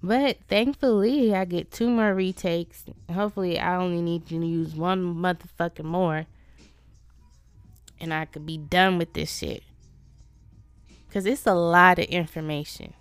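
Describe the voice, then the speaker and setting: A woman's voice: lowish voice, fairly even intonation, measured pace, smooth, no echo, soft background music. A woman hosting her own podcast, venting in a casual, profane, self-deprecating way. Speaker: podcast host. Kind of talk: casual solo podcast monologue.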